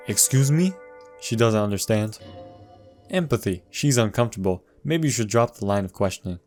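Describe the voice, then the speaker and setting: A man's voice: fairly low pitch, a little mellow. A man casually commenting on a video game walkthrough, reading the game's text aloud and adding dry jokes.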